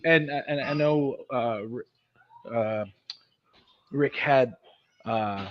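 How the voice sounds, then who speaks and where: Chatty man host, dull lo-fi audio. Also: on the high side. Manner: rambling, animated, mocking voices. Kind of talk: casual chat. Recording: dull lo-fi sound.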